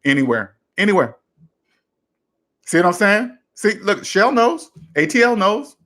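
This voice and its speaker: A man's voice: high voice, sing-song, unhurried, sharp tone. A man hosting a personal finance livestream Q&A, talking casually with emphatic, repetitive catchphrases and answering viewers' questions. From United States.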